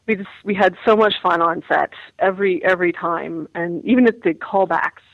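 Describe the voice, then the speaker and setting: A woman's voice: fairly low pitch, moderate pace, dry recording, dull audio. A woman, an actress, chatting in an interview, laughing often and restarting her words. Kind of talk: casual interview chat.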